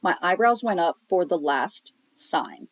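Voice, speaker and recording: A woman teaching a sign language lesson, explaining step by step in a patient, plain way, often pausing on um. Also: lowish voice, expressive, no echo, rough recording. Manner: patient, explanatory, with frequent um fillers. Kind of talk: recorded classroom lesson.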